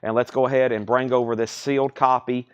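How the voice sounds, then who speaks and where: A man hosting a live record sale stream, briskly listing titles, conditions and prices and repeating them for viewers. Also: mid-range voice, little pitch movement, clear, resonant tone, lo-fi sound. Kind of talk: live sales stream chat.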